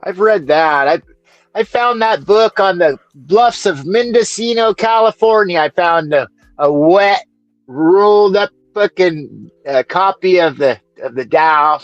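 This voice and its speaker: A man in a casual chat, speaking haltingly with many restarts and frequent swearing. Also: sits high, lively intonation, no room sound, highs cut off, soft background music. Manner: halting, profane, full of restarts. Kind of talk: casual conversation.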